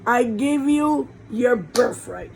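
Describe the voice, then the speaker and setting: A woman's voice: fairly high pitch, animated, slow, gravelly, darkish tone, a little hiss or hum, full character voice. A woman voicing a hungry, weary older brother who carelessly gives away his claim, with a dismissive manner.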